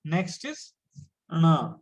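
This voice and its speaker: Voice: mid-range voice, wildly swooping pitch, extremely slow, rough recording. A teacher, giving an online lesson step by step and patiently repeating each point.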